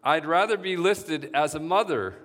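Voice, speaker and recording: A woman's voice: deep voice, lively intonation, normal speed, a bit bright, voice pushed up. A man reading the lines of an indignant young mother who insists, snappish and firm, on her calling. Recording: reverberant hall sound.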